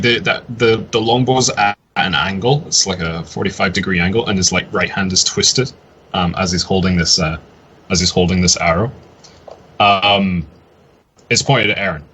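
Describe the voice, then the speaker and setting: Low, bright-voiced dungeon master. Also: male voice, slight background noise. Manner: loose and chatty, many likes and ums. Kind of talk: narrating a tabletop game.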